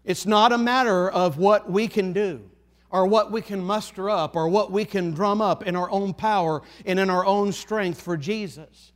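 A man preaching a sermon, earnest and emphatic, repeating phrases for effect and dropping to a hush to drive points home. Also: sits high, moderate pace. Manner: earnest, rises to emphatic pleading then drops to hushed.

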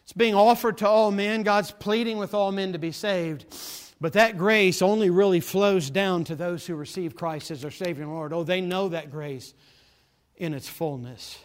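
Male preacher, emphatic sermon delivery, somewhat raised pitch, scripture-quoting. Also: moderate pace. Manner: emphatic, rising to impassioned pleading; quotes scripture chapter and verse.

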